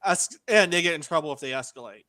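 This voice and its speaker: A man with a high, bright, tense voice chimes in bluntly with curses, recorded dry and close to the mic. He keeps a casual podcast tone. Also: lively intonation, fast, no echo. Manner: blunt, sympathetic commentary with swearing. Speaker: podcast co-host. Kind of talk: casual chat.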